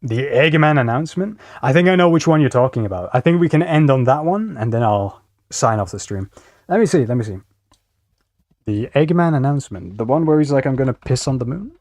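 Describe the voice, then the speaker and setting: A male streamer reacts to videos in a lively, swinging voice, laughing and swearing freely. His sound is dry and close to the mic. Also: mid-range voice, a little fast, no echo.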